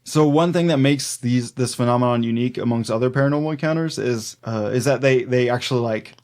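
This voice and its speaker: A man's voice: medium pitch, quick pace, a little mellow. Chatty man rambling with a laugh. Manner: rambling, laughs easily, many fillers. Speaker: podcast co-host. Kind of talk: casual folklore podcast chat.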